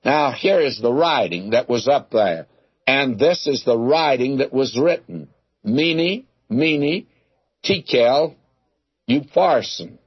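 Husky-voiced preacher with folksy delivery. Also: male voice, medium pitch, animated, slow, no echo. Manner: folksy, addresses listeners as "my friend", tells homely jokes. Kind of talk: expository sermon. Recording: dull lo-fi recording.

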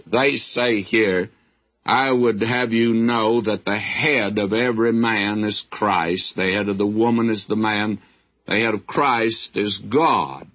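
A man preaches verse by verse at an unhurried, slow pace, stopping for folksy asides. His voice is a little husky. The old recording sounds dull and lo-fi. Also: on the low side. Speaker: Bible teacher. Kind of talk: sermon.

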